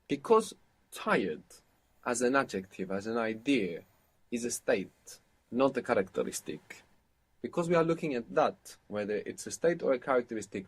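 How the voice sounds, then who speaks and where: A man's voice: medium pitch, husky. A man teaching a language lesson, patiently explaining and prompting his learner to repeat.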